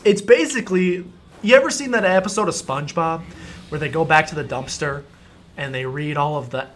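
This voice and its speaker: A man's voice: on the high side, a little fast, a bit bright, a little hiss or hum. Jokey young man streaming a game. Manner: rambling, jokey, mock-serious explanations. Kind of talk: casual gameplay commentary. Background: faint game music.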